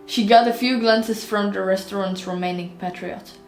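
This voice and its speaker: A woman's voice: medium pitch, moderate pace. Roomy woman narrating an audiobook. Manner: plain storytelling, chatty in outro. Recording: roomy with faint music.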